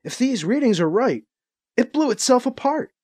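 Man voicing a measured woman officer. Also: extremely high pitch, very animated, darkish tone, dry recording, clean studio sound, pitched above the performer's own voice, full character voice.

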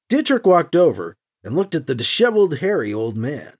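An audiobook narrator reading with expressive storytelling. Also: medium pitch, normal speed, few pauses.

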